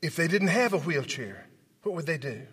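A man from Memphis, a speaker telling stories to an audience and acting out the dialogue, his voice dropping hushed and rising loud. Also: fairly high pitch, sing-song, normal speed, husky. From Memphis, Tennessee. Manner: dramatic, acts out dialogue, swings from loud to hushed. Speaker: motivational speaker. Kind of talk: storytelling speech to an audience. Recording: hall with long reverb.

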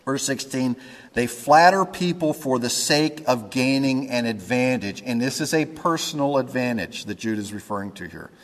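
A male pastor preaching in an easy, conversational way, stopping often to check that his listeners follow. His voice sits at an ordinary middle pitch. The sound carries a long reverb from a large hall. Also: animated, moderate pace. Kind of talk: sermon.

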